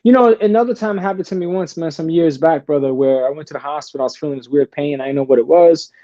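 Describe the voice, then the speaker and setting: A man's voice: fairly high pitch, quick pace, dark tone, dry recording, highs cut off. A man telling stories as a podcast guest in blunt, profane casual talk, often calling the host brother. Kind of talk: casual storytelling.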